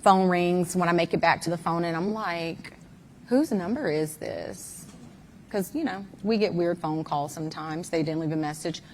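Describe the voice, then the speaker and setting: A mother telling the story of a phone call in an interview, with halting fillers and precise details. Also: lowish voice, fairly even intonation, a little hiss or hum. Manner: hesitant, detailed retelling with fillers. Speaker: mother recounting events. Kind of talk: interview account.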